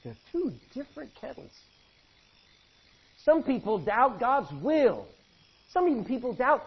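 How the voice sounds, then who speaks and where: A man's voice: extremely high pitch, very animated, unhurried, pauses often, husky. Male pastor, folksy sermon delivery, muffled lo-fi sound. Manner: folksy, conversational preaching with asides. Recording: dull lo-fi recording.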